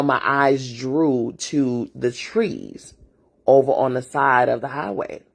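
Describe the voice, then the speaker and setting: Female host, low husky voice, unhurried earnest storytelling with casual slang and repetition. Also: darkish tone. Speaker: host and therapist. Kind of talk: emotional storytelling monologue.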